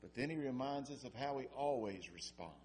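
A man preaching a sermon and reading scripture aloud, slow and dramatic, swelling loud and dropping to a hush. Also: medium pitch, expressive, a little hiss or hum. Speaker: pastor.

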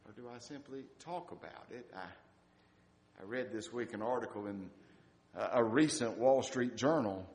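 A man preaching a sermon in a church sanctuary, telling stories and dropping to a quiet, reflective tone. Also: mid-range voice. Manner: storytelling, shifting from lively to hushed and reflective. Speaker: pastor.

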